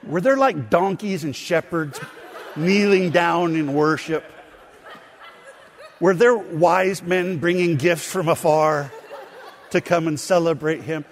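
A man's voice: on the high side, slow pace, pauses often. Preaching man in a reverberant hall. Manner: storytelling preacher, animated asides to the congregation. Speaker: pastor. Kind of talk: sermon. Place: church sanctuary.

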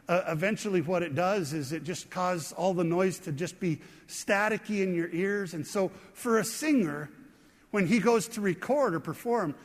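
A man in his fifties preaching a sermon as a pastor, in a conversational manner with joking asides, recorded without an audience. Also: high-pitched. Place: empty sanctuary, no audience. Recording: long hall reverb.

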